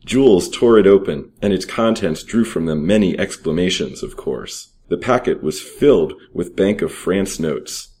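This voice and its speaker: A man reading aloud an old adventure story and period advertisements in a steady, measured way. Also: low-pitched. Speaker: reader.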